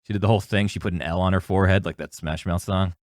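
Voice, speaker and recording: A man's voice: low voice, fairly even intonation, fast, darkish tone, dry recording, clean studio sound. A young man hosting an advice podcast, telling a rambling, jokey story with some cursing. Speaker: podcast host. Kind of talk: casual solo storytelling.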